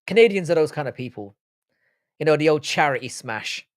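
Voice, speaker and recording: A man's voice: on the high side, animated, fairly quick, dry recording, studio quality. A man hosting a live stream, chatting casually, reading chat comments aloud and answering with swearing banter. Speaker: livestream host.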